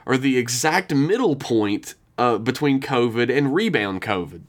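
A man hosting a podcast in casual chat, with wry, deadpan jokes. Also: mid-range voice, unhurried. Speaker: podcast host.

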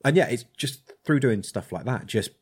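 A blacksmith telling a rambling, hesitant story in casual chat. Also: male voice, mid-range voice, expressive, normal speed, darkish tone, slightly rough. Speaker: blacksmith and podcast co-host.

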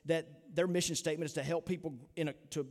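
Male pastor, emphatic sermon delivery, slightly high voice, long church-hall reverb. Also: steady tone, quick pace, a little mellow. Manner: earnest, emphatic preaching with rhetorical questions. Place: church sanctuary.

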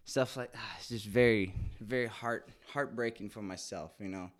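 A man's voice: on the low side, moderate pace. A man in his late twenties telling a candid, crude, comic story with lots of swearing in a casual monologue. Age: 20s. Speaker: podcast host.

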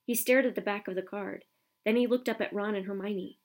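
Female audiobook narrator, steady storytelling, mid pitch. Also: fairly quick. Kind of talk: scripted narration.

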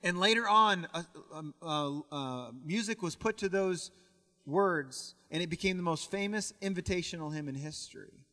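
A man with a rather high voice preaches a sermon, telling stories and often doubling words as he goes. His voice rings out with a long reverb from a church sanctuary. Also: normal speed, sharp tone. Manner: storytelling, repeats words as he goes. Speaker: pastor.

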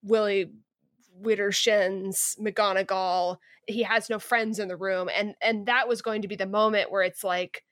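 A woman's voice: medium pitch, steady tone, a little slow. A woman co-hosting a podcast in casual chat, talking in a sarcastic, incredulous way. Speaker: podcast co-host. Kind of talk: casual book-discussion chat.

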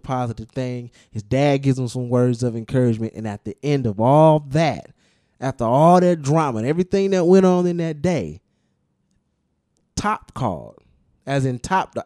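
A man's voice: mid-range voice, warm tone, dry recording, clean studio sound. A man hosting a casual podcast and explaining at length, with restarts and emphatic repetition. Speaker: podcast host discussing music.

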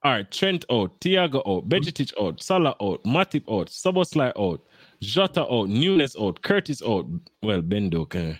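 A man talks football in loose, patois-heavy banter. His pitch swings widely as he argues. The sound is close and dry, with no room around it. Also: very animated, moderate pace, no echo. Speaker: podcast co-host. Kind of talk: casual football chat.

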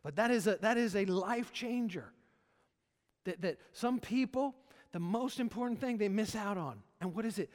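Middle-aged male pastor, slightly high voice, emphatic and repetitive, church hall with long reverb. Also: normal speed. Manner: animated, emphatic with repetitions and jokes. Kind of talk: sermon. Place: church service.

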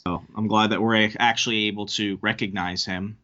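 A man's voice: lowish voice, fairly even intonation, fairly quick, bright, forceful tone. A man who is a podcast guest, talking casually in a wry, offhand way. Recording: dull remote line.

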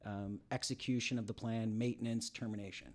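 A man's voice: on the low side, steady tone, brisk, a little mellow. A middle-aged man, an emotional recovery coach, talking candidly in a casual interview and acting out bits of dialogue as he tells stories.

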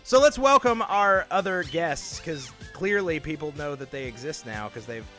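A man with a bright, high voice co-hosts a podcast, teasing the others and laughing between lines. His pitch swings widely, and faint music plays behind him. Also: sing-song, moderate pace. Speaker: podcast co-host. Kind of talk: casual chat.

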